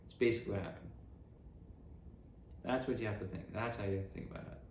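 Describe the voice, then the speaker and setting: A man's voice: fairly low pitch, fast talker, a little mellow. A man hosting a casual comedic talk show, rambling and sarcastic, often breaking off mid-thought. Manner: rambling, sarcastic, self-interrupting. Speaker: podcast host. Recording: roomy with faint background noise.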